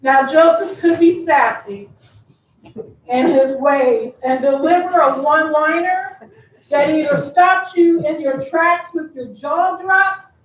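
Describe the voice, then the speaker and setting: Taking her time, a high-voiced Kentucky woman offers a warm eulogy at a memorial venue and laughs often as she goes. The recording has echoey, distant, muffled room sound.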